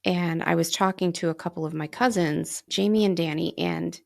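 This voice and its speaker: A woman co-hosts a casual podcast conversation. Her voice sits fairly low with a gravelly, fry-textured edge, and she tells her stories in an animated way, often slipping into the voices of the people she quotes. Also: moderate pace. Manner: animated storyteller who acts out quoted dialogue and laughs often. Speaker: podcast co-host.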